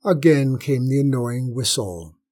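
A man narrating a story in a measured, dramatic storytelling manner. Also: medium pitch, expressive, darkish tone. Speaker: audiobook narrator.

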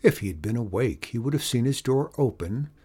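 A man reading a children's story aloud in a calm, gentle, expressive way. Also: mid-range voice, brisk, breathy edge. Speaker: narrator.

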